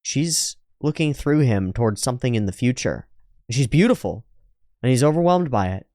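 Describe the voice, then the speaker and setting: A man's voice: mid-range voice, animated, a little mellow, dry recording, studio quality. Laid-back man riffing on an anime. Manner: narrates scenes and jumps into quick mocking character voices, laughs often. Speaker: anime reaction host. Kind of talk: casual commentary over an anime episode.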